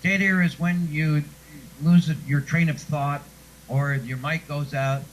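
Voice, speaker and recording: A man's voice: fairly high pitch, steady tone, unhurried, a little hiss or hum, poor audio. A man being interviewed who once read radio news, telling chatty stories and laughing often. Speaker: guest; former radio newscaster. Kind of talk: casual chat.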